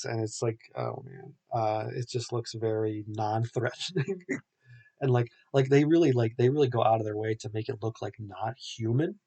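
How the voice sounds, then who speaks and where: A man's voice: fairly low pitch, gravelly, warm tone. A young man hosting a podcast, recapping a film in a rambling, casual way full of filler words. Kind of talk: casual chat.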